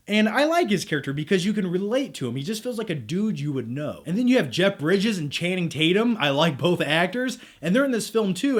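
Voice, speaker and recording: A young man reviews a film straight to camera in a casual, chatty way and drops in jokey asides. His voice sits high for a man. It swings widely in pitch as he talks. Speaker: movie reviewer, channel host.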